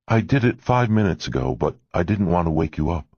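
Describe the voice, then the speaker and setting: A man voicing an anxious young woman in an audiobook, speaking softly and hesitantly. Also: low voice, big pitch swings, brisk, breathy edge, dry recording, highs cut off, exaggerated voice. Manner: hesitant, soft.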